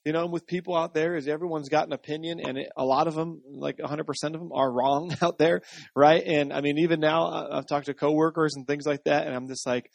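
A man's voice: on the high side, fairly even intonation, brisk, vocal fry, dry recording, clean studio sound. Give me a male pastor preaching a conversational sermon. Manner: conversational, asks the congregation for responses.

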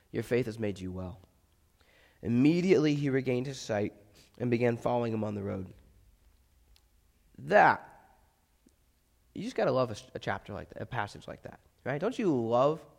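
Gravelly-voiced pastor preaching in a hall. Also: male voice, mid-range voice, moderate pace, pauses often. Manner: conversational, often asks "right?". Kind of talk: sermon. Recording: echoey hall with long reverb.

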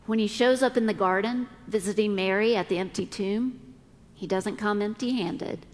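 A middle-aged woman pastor preaching a sermon, speaking deliberately with dramatic pauses. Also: mid-range voice, a little mellow. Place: church sanctuary. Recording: long reverb of a church hall.

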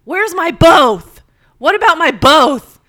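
A shrill, belligerent hospital patient, as a woman storyteller puts her on. The voice shoots high and yells abrasively. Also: expressive, slow, exaggerated voice. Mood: shrieking. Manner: yelling, abrasive.

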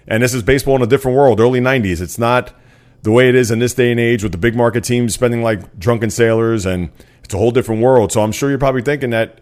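A man's voice: mid-range voice, brisk. A man hosting a sports podcast, talking casually and at length with lots of fillers. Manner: rambling, filler-heavy, frequent "uh". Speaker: podcast host.

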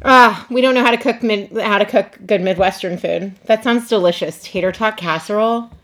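A woman's voice: medium pitch, moderate pace, a bit bright. A woman podcast host chatting with playful, teasing interjections. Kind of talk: casual chat.

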